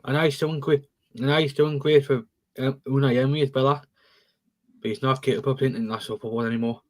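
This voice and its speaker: A man's voice: medium pitch, fairly even intonation, fast talker. Chatty man on a football panel. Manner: chatty, talks with mouth full. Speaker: guest panelist. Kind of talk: casual live football chat.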